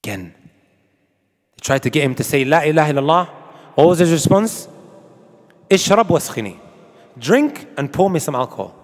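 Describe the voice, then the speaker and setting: A man's voice: a little high, animated, moderate pace, pauses often, long reverb tail. A man preaching a sermon to an audience, emphatic and full of rhetorical questions, with Arabic quotations. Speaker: Islamic preacher.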